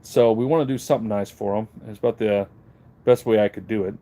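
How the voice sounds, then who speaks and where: A man's voice: fairly low pitch, fairly even intonation, fast, mellow. A middle-aged man hosting a live online auction stream, chatting casually and greeting viewers by name, his mouth a bit numb after dental work. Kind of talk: casual livestream chat, reading viewer comments. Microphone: handheld phone camera.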